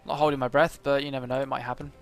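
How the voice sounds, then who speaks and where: A man with a medium-pitched, everyday voice talks through his strategy game in casual let's play commentary. He thinks aloud, pausing often and filling the gaps with "uh" and "um". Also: little pitch movement, faint music behind. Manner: thinks aloud, hesitant, many fillers.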